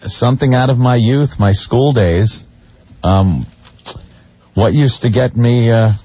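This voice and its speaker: A man's voice: deep voice, breathy edge. A man co-hosting a radio show, bantering casually in a sardonic, mocking way. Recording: dull lo-fi radio broadcast.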